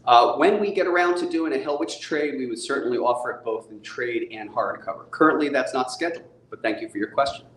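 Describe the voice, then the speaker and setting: A man's voice: mid-range voice, a little fast, few pauses, a bit bright, slight background noise. A man hosting a casual live-stream chat, upbeat and chatty. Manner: upbeat, chatty, laughs often. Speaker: host and comic book publisher. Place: studio set with a bar. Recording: echoey room.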